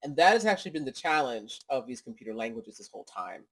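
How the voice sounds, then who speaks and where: A woman's voice: extremely low pitch, expressive, fast, breathy edge. American woman podcast co-host, chatty, drifts off on tangents. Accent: General American. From United States. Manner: rambling, tangential, says "you know what I mean". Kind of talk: casual podcast chat.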